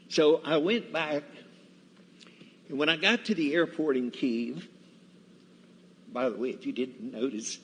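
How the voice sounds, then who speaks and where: Slow, folksy man preaching in a church. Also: mid-range voice, lively intonation, a bit bright, a little hiss or hum. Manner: slow, folksy, deliberate storytelling. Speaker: guest preacher. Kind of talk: storytelling sermon. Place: church sanctuary. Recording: reverberant church hall, faint ambience.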